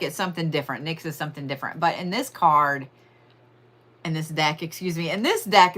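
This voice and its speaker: A woman with a medium-pitched, slightly bright voice gives a casual weekly horoscope and tarot reading. As a tarot and astrology reader, she's chatty and profane, drawing out words for emphasis.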